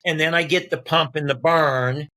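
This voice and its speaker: A man, a doctor guest on a podcast, talking casually and telling animated stories that act out the dialogue. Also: a little high, moderate pace, low-quality recording. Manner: animated storyteller acting out dialogue.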